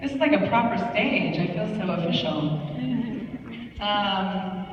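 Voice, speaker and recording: A woman's voice: mid-range voice, expressive, unhurried, far from the mic, background noise. A woman guesting on a convention panel, chatting playfully with fans and laughing easily. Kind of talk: casual fan Q&A chat. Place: large convention hall stage. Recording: echoey muffled hall, mic from afar.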